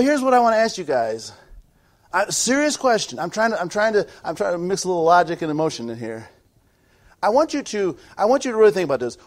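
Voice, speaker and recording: High-pitched, animated preaching pastor man. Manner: animated preaching, swings from soft asides to shouted peaks, frequent stammered restarts. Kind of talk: sermon.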